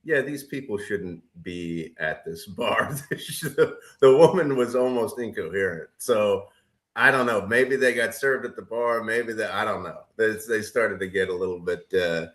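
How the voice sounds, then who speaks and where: A man's voice: on the low side, normal speed, fairly bright tone. A middle-aged man co-hosting a casual podcast chat, rambling with lots of fillers and restarts. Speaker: podcast co-host.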